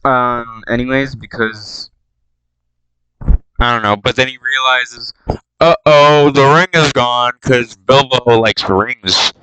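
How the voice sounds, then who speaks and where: Slow, bright-voiced man rambling. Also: medium pitch, steady tone, smooth, rough recording. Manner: meandering and flippant, with many fillers and asides. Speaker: YouTube spoof narrator. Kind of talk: rambling comic retelling.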